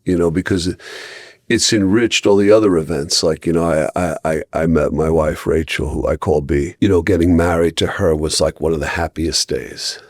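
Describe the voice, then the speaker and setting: A middle-aged man with a very low voice tells stories as a podcast guest. He rambles, restarts his sentences and acts out the people he quotes. He is recorded close and dry on a podcast mic. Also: steady tone, normal speed, a little mellow, dry recording. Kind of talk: casual podcast storytelling.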